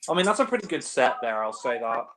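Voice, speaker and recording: A man talks over a film in a loose, casual commentary, swearing freely and sounding exasperated. His pitch sits in an ordinary middle range, and he keeps breaking into laughter. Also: sing-song, quick pace, fairly bright tone. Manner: blunt and exasperated, laughs often.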